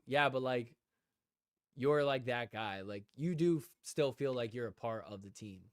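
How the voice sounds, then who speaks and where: A man's voice: mid-range voice, measured pace, dry recording, studio quality. A man hosting a casual live stream, rambling with lots of "like" and talking to viewers in the chat. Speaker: podcast host.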